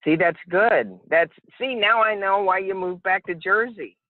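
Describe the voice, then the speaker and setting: A man's voice: high-pitched, measured pace, no room sound. A man co-hosting a podcast in casual chat, playful and joking. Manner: playful, jokey, slips into mock voices. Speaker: podcast co-host. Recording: tinny phone-like line.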